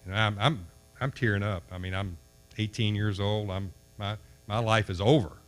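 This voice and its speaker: A man's voice: on the low side, a bit bright. An older man from Kentucky gives a storytelling speech at a banquet, acting out the voices in his anecdote. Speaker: banquet speaker.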